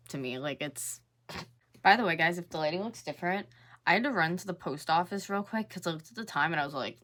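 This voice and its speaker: A woman's voice: sits low, a bit bright. Blunt chatty young woman. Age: 20s. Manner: chatty and blunt, swears casually. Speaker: reaction video host. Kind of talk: casual reaction commentary.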